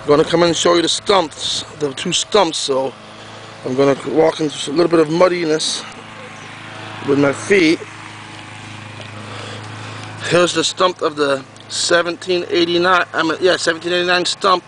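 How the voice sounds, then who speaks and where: A man's voice: fairly high pitch, fairly even intonation, moderate pace, a bit bright, slight background noise, rough recording. Rambling man touring his pumpkin patch. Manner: rambling, repeats himself, talks to the camera while walking. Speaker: pumpkin grower. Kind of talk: casual garden video tour. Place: outdoors in a garden.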